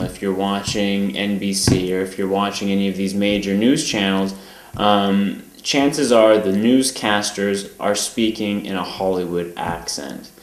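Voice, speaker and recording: A man with a General American accent giving a calm, measured language lesson, pausing often with "um". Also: lowish voice, echoey room, rough recording. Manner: calm, measured explaining with frequent "um" pauses. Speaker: language teacher. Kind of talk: explanatory lesson.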